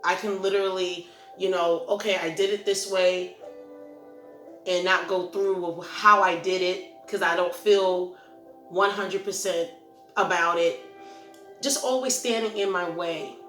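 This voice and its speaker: A woman who hosts a Christian ministry channel speaks casually to the camera, offering earnest, rambling, self-reflective encouragement. Her voice is on the low side and a bit bright, with a steady tone and slightly slow delivery. The room echoes, and faint music plays.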